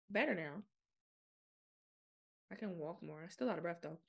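A woman's voice: fairly low pitch, vocal fry, slightly rough. A young adult woman hosting a podcast, talking frankly and casually to her listeners, full of fillers and quoted self-talk. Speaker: podcast host. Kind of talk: candid solo podcast monologue.

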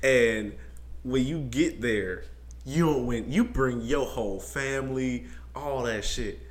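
A man's voice: medium pitch, takes it slowly. A man in casual chat as a podcast co-host, teasing and bantering.

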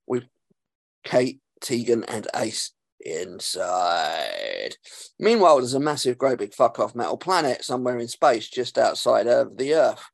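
A man, hosting a podcast and recapping an episode in a casual, sarcastic way, swearing freely and filling pauses with um. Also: medium pitch, sing-song, creaky, no echo. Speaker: podcast host.

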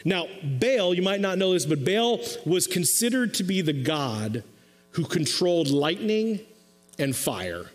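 Lively preacher in an echoing hall. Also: male voice, high voice, unhurried, faint music behind. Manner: lively storytelling with playful asides and acted-out quotes. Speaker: pastor. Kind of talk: sermon.

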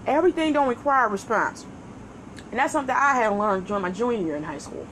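A woman's voice: a little high, lively intonation, fast, a bit bright, slight background noise, low-quality recording. A woman co-hosting a show, telling a story in casual chat with profanity and laughter. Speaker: podcast co-host.

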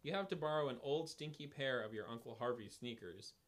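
A man with a mid-range, expressive voice hosts a comedy podcast, briskly reading a kids' adventure book aloud. He stumbles, laughs, and tosses in dry, jokey asides.

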